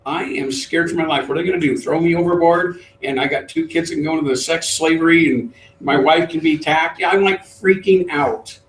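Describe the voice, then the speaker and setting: A middle-aged man, a trainer, telling a lively story to a live group and acting out the voices. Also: on the high side, brisk, few pauses, slight background noise. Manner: animated storyteller, acts out voices. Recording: roomy, distant mic.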